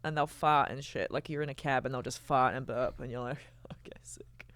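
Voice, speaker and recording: A woman's voice: rumbling low, fairly even intonation, a little fast, fairly bright tone, no room sound. A woman comedian as a podcast guest, teasing and telling stories with animation into a close mic. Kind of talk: casual comedic chat.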